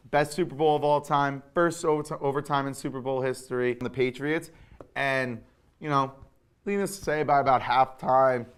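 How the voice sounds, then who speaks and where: Man giving animated sports hot takes. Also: mid-range voice, clear, resonant tone. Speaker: sports show host. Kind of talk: sports recap commentary.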